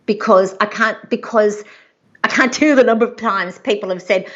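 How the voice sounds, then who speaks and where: A woman, an executive producer giving chatty, animated career advice in a live interview. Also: medium pitch, normal speed, dull audio. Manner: chatty, animated, acts out quoted people.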